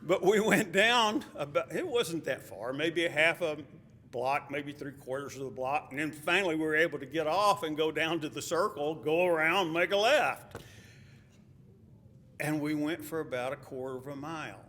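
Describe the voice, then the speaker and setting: A man's voice: a little high, normal speed, pushed and bright. A man with a Texas accent telling a chuckling personal story at a memorial. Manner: chuckling, anecdotal. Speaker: eulogy speaker. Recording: hall reverb, faint ambient noise.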